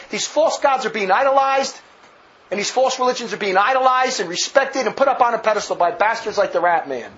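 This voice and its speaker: A man's voice: high-pitched, a bit bright. A man giving emphatic, sarcastic commentary on a speech, laughing at his own jabs. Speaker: religious commentator. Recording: dull lo-fi with faint noise.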